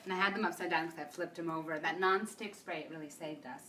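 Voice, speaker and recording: A woman's voice: low voice, quick pace, pushed and bright. Chatty woman baking, slightly distant. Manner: encouraging, chatty. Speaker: baking host. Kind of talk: casual cooking demo chat. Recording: distant mic with faint room noise.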